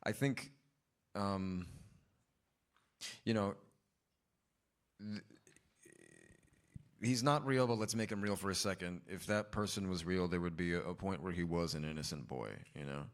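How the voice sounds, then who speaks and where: Very deep-voiced man, reflective. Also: steady tone, a little slow, pauses often. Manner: reflective, searching for words, laughs often. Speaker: lead cast member on a panel. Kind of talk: panel Q&A answers.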